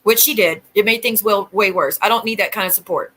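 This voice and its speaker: Bright-voiced woman ranting on stream. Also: mid-range voice, fairly quick, low-quality recording. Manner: aggrieved, rambling storytelling with quoted exchanges. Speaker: YouTube livestream host. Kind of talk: casual ranting livestream talk.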